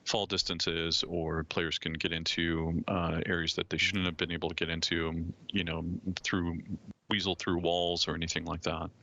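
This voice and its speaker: Casting note: low-pitched male developer, bright forceful tone, slightly dull audio. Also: little pitch movement, gravelly. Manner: halting, full of fillers and restarts. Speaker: game developer guest. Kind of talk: casual explanation.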